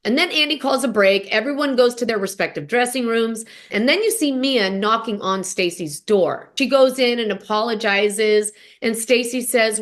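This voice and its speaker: An animated young woman hosts a podcast with a slightly high voice. She recaps in a casual, chatty monologue and punches up quoted lines with dramatic emphasis. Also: normal speed, few pauses. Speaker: podcast host.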